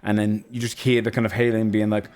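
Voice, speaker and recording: A man's voice: fairly low pitch, little pitch movement, quick pace, darkish tone, faint music behind. A man narrating as game master in a tabletop game, rambling and hesitant with many fillers.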